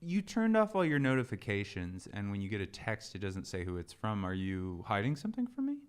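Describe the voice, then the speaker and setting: Low-voiced man teasing in podcast banter. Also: wildly swooping pitch, brisk, smooth. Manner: teasing, playful banter, reads listener shout-outs. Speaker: podcast co-host. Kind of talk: casual chat.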